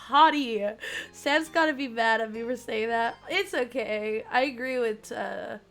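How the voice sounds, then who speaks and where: A young woman in her twenties streaming herself reading a dating game aloud, giggly and excitable, her voice strained and cracking. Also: a little high, a little slow, gravelly. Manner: giggly, excitable, chats with viewers.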